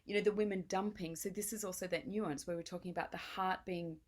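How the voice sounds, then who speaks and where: A woman's voice: on the low side, steady tone, fast talker. A woman in her late forties hosting a casual conversation, frank and emphatic, swearing freely. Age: 40s. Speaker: podcast host.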